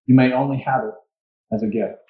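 A grieving old pearl diver speaks slowly and earnestly, as a preacher reads him in a story. The sound is dull and echoey, like a church recording with mic trouble. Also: male voice, mid-range voice, steady tone, lightly acted.

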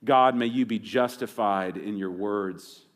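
A man preaching an expository sermon, rising to loud punchlines and dropping low at phrase ends. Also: measured pace.

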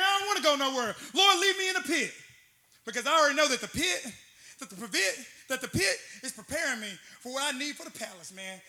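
A man preaching a sermon in a church, impassioned and repetitive, building to shouts. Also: very high-pitched, animated, fast talker. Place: church with an altar.

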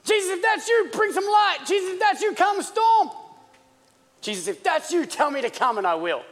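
A man's voice: very high-pitched, fairly quick, a bit bright, long reverb tail, voice pushed up. A man voicing an eager adult male disciple who pleads to be near his teacher, his voice rising and insistent. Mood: eager pleading.

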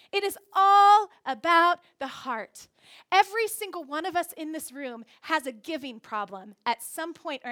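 Woman pastor, thirties, very high voice, emphatic sermon delivery in a church. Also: bright, forceful tone. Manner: emphatic preaching, repeating phrases for stress. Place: church sanctuary.

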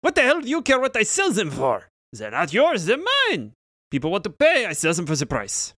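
A man voicing a small, greedy, rude male fungus creature running a bar, with gruff hustling talk. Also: very high-pitched, very animated, measured pace, dry recording, clean studio sound, pitched above the performer's own voice, exaggerated voice. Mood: indignant. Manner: gruff hustling street-vendor talk, shouting.

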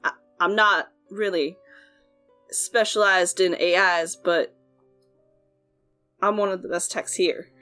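A woman voicing a gentle, hesitant male tech. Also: lowish voice, fairly even intonation, takes it slowly, long pauses, faint music behind. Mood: reassuring. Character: male technician, calm and reassuring. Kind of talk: in-character tabletop dialogue.

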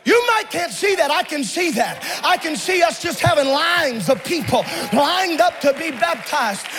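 A man pastor preaching a fiery sermon in a church, often shouting in a rhythmic preaching cadence. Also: extremely high pitch, noisy background. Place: church sanctuary with congregation.

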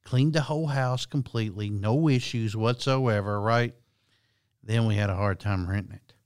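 A man's voice: lowish voice, normal speed, a little mellow, clear, resonant tone, dry recording, clean studio sound. Folksy, drawling podcast co-host, a man. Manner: folksy, drawling, loose grammar. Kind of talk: casual storytelling chat.

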